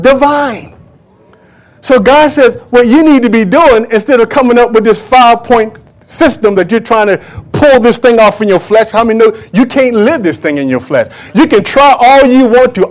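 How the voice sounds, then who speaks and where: Fervent high-voiced male preacher. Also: normal speed. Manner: fervent, repeats phrases, asks the congregation questions. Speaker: pastor. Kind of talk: preaching a sermon.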